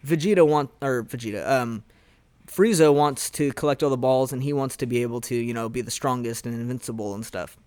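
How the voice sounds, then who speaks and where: A man hosting a casual review podcast. He rambles excitedly through a story recap with plenty of filler words. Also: medium pitch, a little fast, clear, resonant tone, no echo. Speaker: podcast host reviewing anime. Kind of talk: casual chat.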